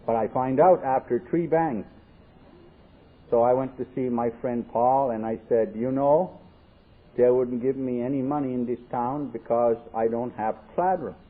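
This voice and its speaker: A man's voice: medium pitch, fairly even intonation, normal speed. A man speaking at a recovery convention, telling his life story with jokes and acting out the dialogue. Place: convention hall. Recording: tinny lo-fi 1979 tape, faint hiss.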